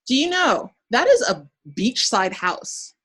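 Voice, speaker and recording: Her voice fairly high-pitched and husky, a podcast host takes it slowly as she chats through an episode recap. She laughs often and acts out the lines she quotes in a lively retelling.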